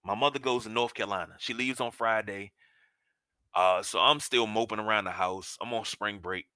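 A man in his forties, a sports radio host telling a personal story in an animated, colloquial way with drawn-out emphasis. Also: fairly low pitch, no room sound. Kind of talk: storytelling monologue.

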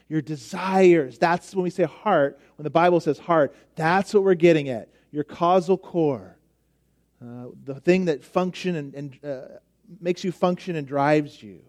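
A man's voice: fairly high pitch, darkish tone. A man preaching a conversational sermon, emphatic at times and dropping almost to a whisper at others. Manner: conversational, emphatic, with frequent restarts and drops to near whisper.

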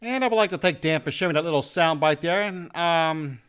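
A man's voice: fairly high pitch, fairly quick, a bit bright, clean tone. A man hosting a comedy podcast in easygoing, rambling casual chat, with faint music behind. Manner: easygoing, rambling, hedging with fillers. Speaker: host.

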